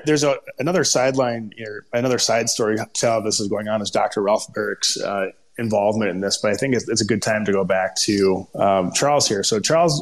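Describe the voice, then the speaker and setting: A man with a Minnesota accent, speaking as a guest expert in an ad-libbed panel talk, stumbling and restarting often. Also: medium pitch. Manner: halting, many restarts and jargon.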